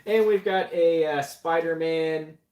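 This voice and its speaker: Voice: mid-range voice, steady tone, slow pace, a little mellow. Laughy rambling unboxing host, kinda far from the mic, roomy echo, little bit of hiss. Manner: jokey, laughs often, rambling. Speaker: livestream co-host. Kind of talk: casual unboxing chat. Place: home basement. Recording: echoey room, distant mic, faint noise.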